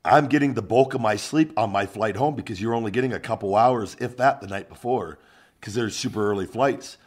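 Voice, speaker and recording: A man hosting a podcast, telling an animated, profane story in casual chat. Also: on the low side, fairly quick. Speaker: podcast host, former wrestler.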